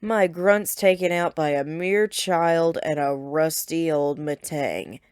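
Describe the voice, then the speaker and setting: A woman's voice: deep voice, slow, a little mellow, clear, resonant tone, no room sound. A woman voicing a burly male pirate gang leader who talks down to others in a threatening way, recorded dry. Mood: menacing. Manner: threatening and condescending.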